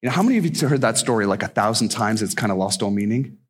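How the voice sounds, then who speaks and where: A man's voice: fairly low pitch, lively intonation, fast, husky. A male missionary preacher giving a conversational, emphatic sermon with repeated phrases.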